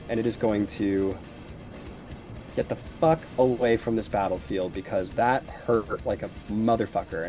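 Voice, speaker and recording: A man's voice: fairly low pitch, darkish tone. A man narrating a tabletop game as game master, in a loose, casual style full of fillers. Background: faint background music.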